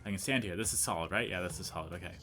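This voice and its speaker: A young man with a lowish voice chats his way through a playthrough, wandering off into stories and poking fun at himself. Soft game music plays faintly underneath. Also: rapid-fire. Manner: rambling storyteller, chatty and self-mocking, talks to the game. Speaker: let's play commentator. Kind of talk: casual gameplay commentary.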